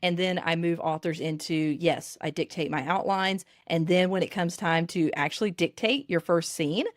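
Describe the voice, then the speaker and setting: A woman with a Southern US accent talks in a lowish voice, animated and expressive as she explains her methods. The sound is close and dry, with no room around it. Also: moderate pace, no room sound. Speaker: dictation coach for authors. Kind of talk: podcast interview.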